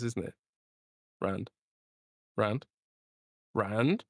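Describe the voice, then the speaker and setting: A man's voice: mid-range voice, very animated, moderate pace, long pauses, fairly bright tone, no echo, clean studio sound. A man co-hosting a gaming podcast, joking and swearing freely while doing a sponsor read in casual chat. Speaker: podcast co-host.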